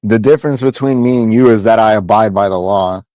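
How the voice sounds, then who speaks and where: A man's voice: lowish voice, fairly quick, a little mellow, dry recording. A man in an online voice-chat argument, answering curtly and dismissively and defending himself.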